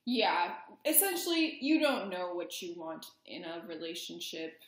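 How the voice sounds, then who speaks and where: Animated young woman, echoey room. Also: fairly low pitch, a little slow. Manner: animated, bursts into mock-indignant voices. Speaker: astrology podcast co-host. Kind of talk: casual chat, joking chart reading.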